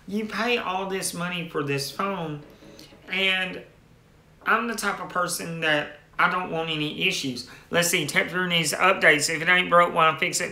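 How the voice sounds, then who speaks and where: A man's voice: on the high side, vocal fry, sharp tone, reverberant. A man hosting a tech channel in casual live-stream chat, rambling with restarted phrases as he answers viewer comments.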